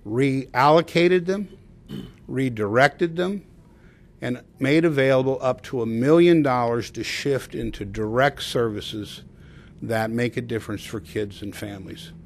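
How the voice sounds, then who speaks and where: A man who directs a public agency, giving a formal progress report to a commission in a measured, earnest way, with frequent pauses to say "uh". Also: mid-range voice.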